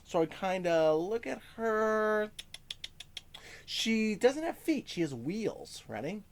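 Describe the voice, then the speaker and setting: A male music teacher giving a first-grade lesson, speaking slowly to young children, checking in with "okay?" and singing short lines. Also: high voice, big pitch swings, a little hiss or hum. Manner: lots of "okay?" check-ins.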